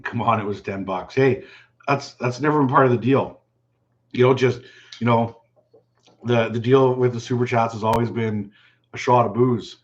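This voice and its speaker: A man hosting a fishing channel's live chat, reading viewer questions aloud and answering them in a relaxed, chatty way. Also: mid-range voice, normal speed, long pauses, muffled recording. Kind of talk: casual live stream chat.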